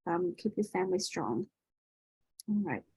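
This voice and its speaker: A woman's voice: fairly low pitch, big pitch swings, unhurried, a little mellow, slightly rough, no room sound, low-quality recording. A woman leading an online workshop over a video call, teaching in a casual, chatty way with lots of fillers and tag questions. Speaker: workshop host.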